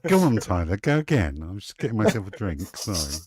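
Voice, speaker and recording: A man's voice: on the low side, sing-song, a little fast, a little mellow, slightly rough, no room sound. A man in a casual chat, distracted and apologetic.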